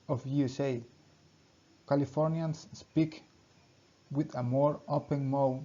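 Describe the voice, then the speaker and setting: A young man giving a class presentation, reading in short halting phrases with small grammar slips. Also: mid-range voice, dark tone. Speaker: student presenter. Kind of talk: class presentation read aloud. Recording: dull lo-fi recording.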